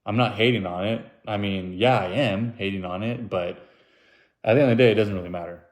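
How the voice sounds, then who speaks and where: A young man talks through a loose solo podcast in a slightly low voice, rambling from one thought to the next. He mocks himself, takes his own jokes back, and slips into goofy high-pitched voices whenever he quotes someone. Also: fairly quick. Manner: rambling, self-mocking, jokey asides; puts on silly high voices when quoting. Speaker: podcast host. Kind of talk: casual solo podcast monologue.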